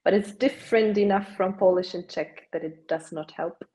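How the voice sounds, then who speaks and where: A woman's voice: lowish voice, moderate pace, mellow, poor audio. A young woman, chatting casually as a podcast guest and dropping "like" often. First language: German. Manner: chatty, peppers speech with "like". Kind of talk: casual chat.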